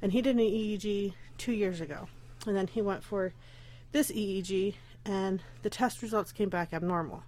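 A woman's voice: mid-range voice, normal speed, hardly any pauses, darkish tone. A young woman hosts her own casual podcast, pregnant and emotional. She talks candidly and rambles, often close to tears and breaking into nervous laughs. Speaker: podcast host.

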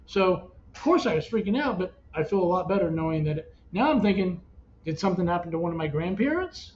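A man's voice: sits high, expressive, quick pace. Earnest man retelling a family crisis. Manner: earnest, emotional retelling with restarts. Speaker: parent of a child with cancer. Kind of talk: personal storytelling podcast. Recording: dull lo-fi audio with faint hiss.

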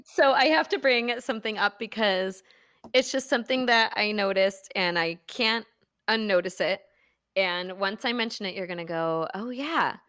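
A woman's voice: mid-range voice, normal speed, no room sound, clean studio sound. An American woman in her thirties co-hosting a podcast, chatting casually and telling stories with frequent laughter. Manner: chatty, laughs often, animated storytelling. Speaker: podcast co-host. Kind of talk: casual chat.

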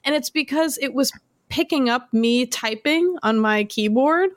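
A woman's voice: high-pitched, expressive, a little slow, no room sound, studio quality. A young woman co-hosting a podcast in casual chat, easygoing and acting out little quoted lines. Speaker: podcast co-host. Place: home setup, remote call.

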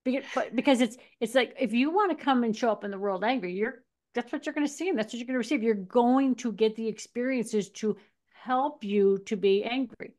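Woman co-host, lively anecdotal talker who voices her own quotes; a touch high-pitched. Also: brisk. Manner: animated, laughing storyteller acting out quotes. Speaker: podcast co-host. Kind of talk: casual conversational storytelling.

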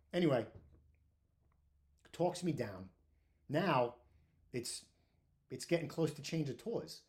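A man telling his own firehouse story in a blunt, profane, animated way, full of restarts. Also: fairly high pitch. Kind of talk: casual storytelling monologue.

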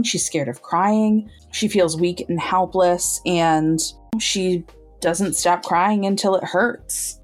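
A woman co-hosting a podcast, retelling a novel's scenes with animated quoting of the characters. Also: lowish voice. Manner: animated storytelling, acting out characters' lines. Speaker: podcast co-host. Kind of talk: casual book-club chat.

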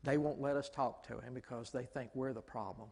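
A man preaching a lively storytelling sermon in a large church hall, exclaiming often and acting out the people he quotes. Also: medium pitch, fairly quick, husky. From Southern United States. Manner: animated, exclaims often, acts out quoted voices. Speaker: pastor. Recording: long hall reverb.

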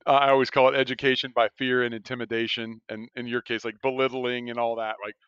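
A man co-hosting a podcast, chatting casually in a quick, rambling way that keeps restarting. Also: medium pitch, level tone, fairly bright tone, clean tone, no room sound. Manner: fast, rambling, self-interrupting. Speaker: podcast co-host, rural doctor who teaches. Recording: dull lo-fi dry sound.

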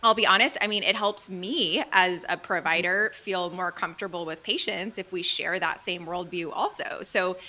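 A woman psychiatrist speaks as a podcast guest, her voice bright and forceful though pitched a little low. She talks with open excitement and earnest warmth about her work, with frequent fillers and restarts. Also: moderate pace, few pauses. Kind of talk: podcast interview answers.

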